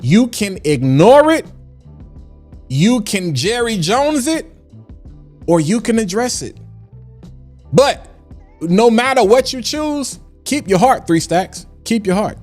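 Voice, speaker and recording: A man's voice: high-pitched, big pitch swings, slow, pauses often, a little mellow, soft background music. A man hosting a casual livestream, talking in a preachy way and repeating lines for emphasis. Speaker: livestream host.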